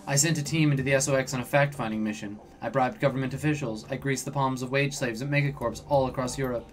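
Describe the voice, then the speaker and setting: A man's voice: medium pitch, steady tone, quick pace, natural voice. A man voicing a seasoned woman information broker in a video game. He reads her report in a matter-of-fact way.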